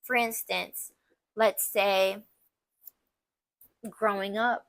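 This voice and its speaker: A woman's voice: a little high, unhurried, long pauses, a bit bright, dry recording. A young woman hosting a casual advice podcast, candid and emphatic, full of "like" and playful asides. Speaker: podcast host.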